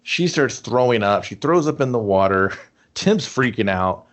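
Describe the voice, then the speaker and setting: A man's voice: medium pitch, expressive, a little slow. A man co-hosting a casual movie review podcast, retelling scenes in a laid-back way and swearing casually. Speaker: podcast co-host.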